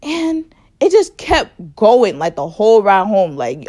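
A woman's voice: fairly high pitch, sing-song, unhurried, mellow. A young woman casually telling a personal story, rambling with lots of fillers and laughing at herself.

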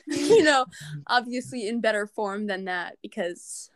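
Teenage girl, casual chat, animated and chatty, slightly high voice, dry close sound. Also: unhurried, no echo. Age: teens. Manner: chatty, animated, laughing storyteller.

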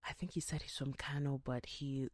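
A woman podcast host telling a story in a chatty, animated way, sometimes dropping into hushed asides. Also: very deep voice, normal speed, no echo, studio quality. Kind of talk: casual storytelling monologue.

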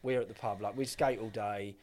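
A man's voice: fairly low pitch, steady tone, a little fast, a little mellow, slight background noise. A middle-aged man telling stories as a podcast guest, rambling with lots of filler words and casual swearing. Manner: rambling, heavy filler use, swears freely. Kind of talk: casual storytelling chat.

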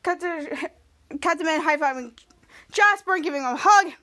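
A woman's voice: very high-pitched, moderate pace, pushed and bright. A woman podcast host narrating a TV episode recap in breathless play-by-play, quoting characters' lines.

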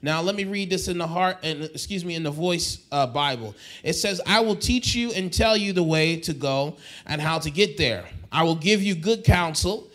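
Slightly high and expressive, this pastor's voice moves at a moderate pace through his sermon. He restarts and repeats phrases, urges the congregation to respond, and shifts between gentle and forceful exhortation.

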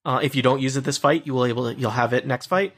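A man running a tabletop role-playing game as game master, relaxed, laughing often and talking with many fillers. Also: mid-range voice, quick pace.

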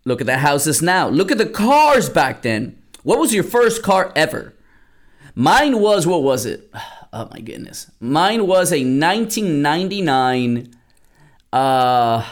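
A man in his thirties, originally from Peru, coaching listeners on network marketing in a solo podcast. His fairly high voice swings widely in pitch as he rambles and throws questions at his audience. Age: 30s. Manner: animated, rambling, laughs and asks listeners questions.

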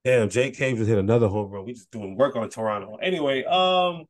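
A medium-pitched, fairly quick-talking man co-hosts a casual sports podcast, joking and teasing in slangy fashion and laughing often.

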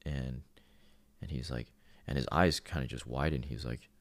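A man's voice: a bass voice, moderate pace, vocal fry, no room sound. A man hosting a podcast, talking in an earnest, heartfelt, reflective monologue. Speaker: podcast host.

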